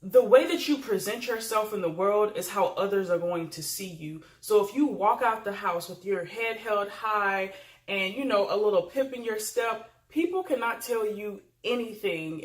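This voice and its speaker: A woman's voice: mid-range voice, moderate pace. A woman vlogger giving casual advice to camera, chatty and emphatic, with frequent fillers. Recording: roomy echo.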